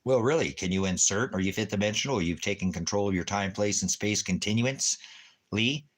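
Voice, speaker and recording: A YouTube channel host runs a casual livestream, rambling, preaching, and cursing often, and now and then using baby talk to coo at his dog. His voice is fairly low in pitch and brisk.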